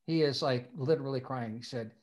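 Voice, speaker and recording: Brisk and darkish in tone, a medium-pitched male voice belongs to an older screenwriter from Indiana, USA. As an interview guest, he wanders through a long anecdote, repeating words whenever he restarts.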